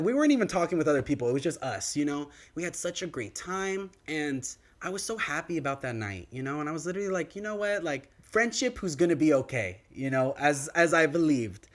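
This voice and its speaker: A young man co-hosting a podcast, telling a story in casual chat and acting out the quoted lines of others. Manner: animated, acts out quoted dialogue with big pitch swings. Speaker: podcast co-host. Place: podcast studio.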